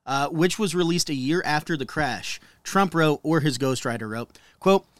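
Brief: a man co-hosting a podcast, slightly high-voiced, wry and giggly, dry close sound. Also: moderate pace, few pauses, no room sound. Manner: laughing, reads quotes with wry asides. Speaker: podcast co-host. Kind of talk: casual storytelling chat.

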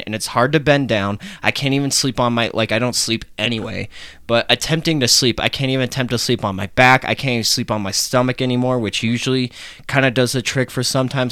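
A man's voice: mid-range voice, a bit bright, no room sound, clean studio sound. A young man hosting his own podcast, talking casually in a rambling, chatty way and swearing offhandedly. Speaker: podcast host. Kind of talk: casual solo podcast talk.

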